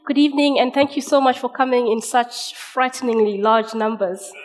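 A woman's voice: fairly high pitch, fairly even intonation, moderate pace, a faint crowd, a little hiss or hum. Woman storyteller in a reverberant hall. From Zimbabwe. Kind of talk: live storytelling on stage.

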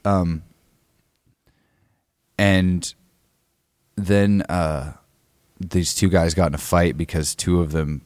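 A man's voice: deep voice, steady tone, takes it slowly, pauses often, a little mellow, dry recording, studio quality. A man, a guest musician, telling a story in a casual interview, rambling with many restarts and fillers.

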